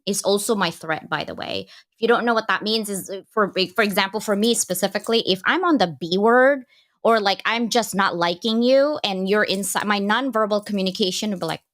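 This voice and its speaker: A woman talking as a guest on a live panel chat, animated and emphatic, a little self-deprecating. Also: mid-range voice.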